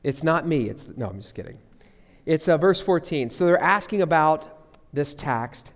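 Dynamic preacher in an echoey hall. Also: male voice, on the high side, lively intonation, moderate pace. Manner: dynamic preaching, swings between loud emphasis and quiet asides. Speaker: pastor. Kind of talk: sermon. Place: church sanctuary.

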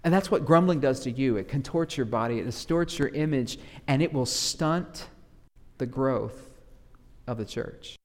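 A man preaching a sermon as pastor, animated, dropping into asides that mimic grumbling church members. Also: mid-range voice, unhurried, long reverb tail.

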